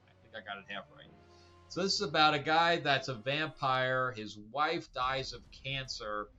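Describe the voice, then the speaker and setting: A man's voice: mid-range voice, normal speed, bright, forceful tone, muffled recording, soft background music. A male host giving a casual, opinionated comic book review that rambles, with many fillers and restarts. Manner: blunt, opinionated.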